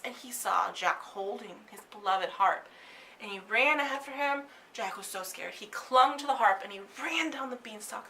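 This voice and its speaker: A woman telling a fairy tale with lively delivery, sometimes dropping to a whisper for suspense. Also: fairly high pitch, moderate pace. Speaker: storyteller.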